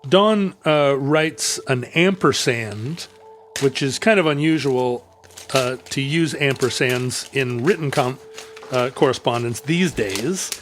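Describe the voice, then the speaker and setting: A man co-hosting a podcast in casual chat, tossing in quick, playful quips. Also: mid-range voice, fairly bright tone, a little hiss or hum. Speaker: podcast co-host.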